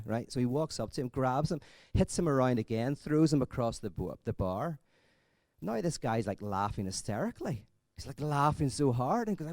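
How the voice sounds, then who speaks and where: A man giving a conference talk in a conversational, thinking-aloud way, telling jokes with lively energy. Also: mid-range voice, a little fast, no room sound. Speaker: conference speaker.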